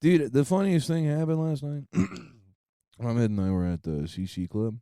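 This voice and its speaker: A man's voice: mid-range voice, lively intonation, measured pace, gravelly, mellow, clear, resonant tone, no room sound, studio quality. A man co-hosting a podcast in casual comedic banter. He is laid-back, says "dude" a lot and laughs often. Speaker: podcast co-host.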